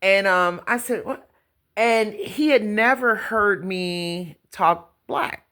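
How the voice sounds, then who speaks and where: A woman's voice: medium pitch, slow pace, pushed and bright. A middle-aged woman from Detroit hosting a casual conversation, telling a personal story in a reflective, frank way. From Detroit, Michigan. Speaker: host. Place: living room.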